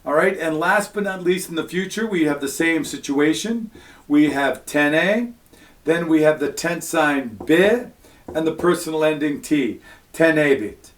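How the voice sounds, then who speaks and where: A man's voice: a little high, moderate pace. Patient man teaching a Latin lesson. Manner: patient step-by-step explaining, frequent "all right" and "um". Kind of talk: recorded classroom lesson.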